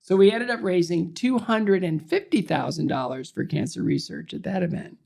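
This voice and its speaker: A man in his sixties, a guest in an interview, telling stories in an animated way and acting out the voices of people he quotes. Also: high-pitched, normal speed, vocal fry. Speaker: interview guest, former figure skater. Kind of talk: storytelling in conversation.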